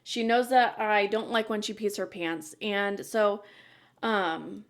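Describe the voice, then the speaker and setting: A woman's voice: medium pitch, steady tone, slow. A woman in her thirties hosting a podcast, talking candidly and earnestly in a casual chat. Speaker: podcast host.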